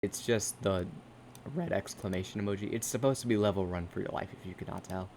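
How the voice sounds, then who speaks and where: Low-voiced teen boy gaming with music. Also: fairly quick, darkish tone. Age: teens. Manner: jokey, swearing, panicky yelps when chased. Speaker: gaming content creator. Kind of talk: casual gameplay commentary. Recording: game music playing underneath. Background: background music.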